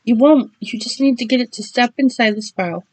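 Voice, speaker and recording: A woman voicing a raspy, urgent young man pleading with a friend. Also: fairly high pitch, brisk, a little mellow, dry recording, pitched above the performer's own voice, lightly acted.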